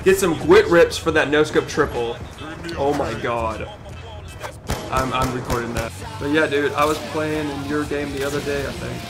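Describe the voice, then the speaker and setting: A young man streaming a shooter game, excitedly narrating, shouting and laughing as he repeats himself. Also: medium pitch, moderate pace, music in the background. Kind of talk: excited gaming stream commentary.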